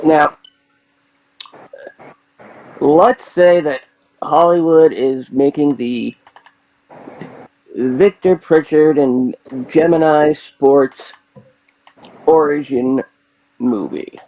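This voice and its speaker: A man co-hosting, setting up a hypothetical question in a slow, deliberate way. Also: fairly high pitch, warm tone, muffled recording. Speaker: co-host asking questions. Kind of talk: interview question.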